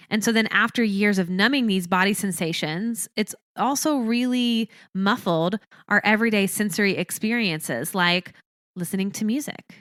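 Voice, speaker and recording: A woman's voice: mid-range voice, a bit bright, clear, resonant tone, no room sound, clean studio sound. A woman hosting a podcast alone, talking earnestly in a teaching way and repeating phrases for emphasis. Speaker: podcast host. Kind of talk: reflective solo podcast talk.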